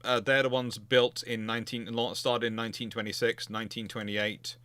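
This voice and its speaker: Brisk emphatic man, bright and dry. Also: medium pitch, flat delivery, no room sound. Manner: chatty, emphatic, thinks aloud with restarts. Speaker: naval history livestream host. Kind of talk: casual livestream Q&A.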